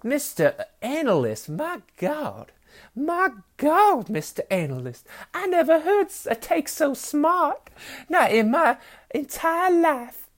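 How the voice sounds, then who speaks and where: A man voicing a fawning Southern belle woman with an exaggerated Southern US drawl and over-the-top flattery. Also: very high voice, slow, pitched above the performer's own voice, heavily acted. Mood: gushing.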